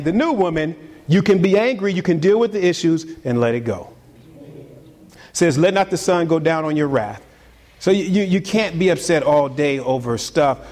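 High-voiced, animated male preacher. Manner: animated preaching with repeated words. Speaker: pastor. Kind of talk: sermon.

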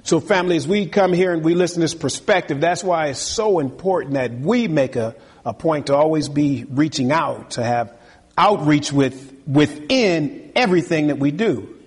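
Man, pastor, sermon, slightly high husky voice, long hall reverb, earnest. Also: animated, moderate pace. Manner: earnest, preaching with repeated rhetorical questions.

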